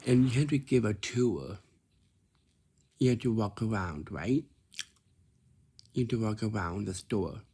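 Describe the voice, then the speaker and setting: Slow, husky low-voiced man. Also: warm tone. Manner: repetitive, scolding, lots of "right?". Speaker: vlogger giving workplace advice. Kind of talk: casual instructive monologue.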